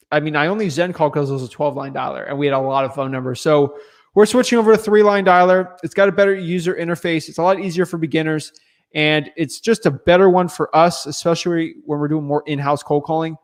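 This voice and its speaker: Man for a casual stream q&a, fairly high voice, easygoing and chatty. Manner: relaxed, chatty, loose filler words and restarts. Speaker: real estate wholesaler answering viewer questions. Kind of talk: casual livestream chat.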